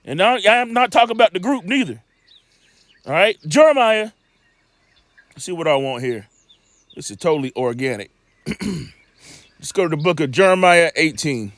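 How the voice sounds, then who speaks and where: A man's voice: high-pitched, very animated, moderate pace, pauses often, a bit bright, no room sound. A man teaching scripture in a loose sermon style, rambling and emphatic, with lots of stammering restarts and streetwise asides.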